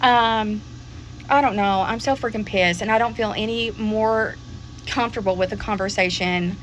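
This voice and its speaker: A woman's voice: mid-range voice, fairly even intonation, normal speed, a little hiss or hum. A woman venting to camera in an exasperated, emphatic rant, repeating herself.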